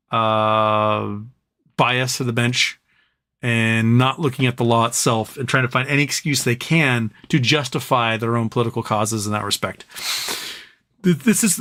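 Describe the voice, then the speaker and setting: A man's voice: mid-range voice, a bit bright. A man in his forties hosting a casual live stream, answering viewer questions in a blunt, opinionated way, with lots of fillers and restarts. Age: 40s. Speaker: livestream host reading viewer questions.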